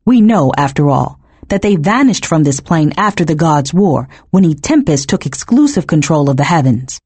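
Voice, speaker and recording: A woman narrator voicing a cold, zealous male cult leader who speaks in a measured, slightly clipped way, with a husky, animated delivery. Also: sits low, dry recording, voice pushed down, exaggerated voice.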